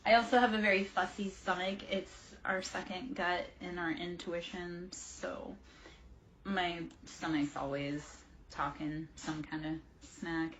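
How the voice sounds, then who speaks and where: A woman's voice: fairly low pitch, steady tone, a little slow, a bit bright, slight background noise. A woman in her forties hosting a livestream tarot reading, chatting casually with viewers and drifting off on tangents. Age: 40s. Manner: chatty, rambling, goes off on tangents while answering chat. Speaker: tarot reader and livestream host.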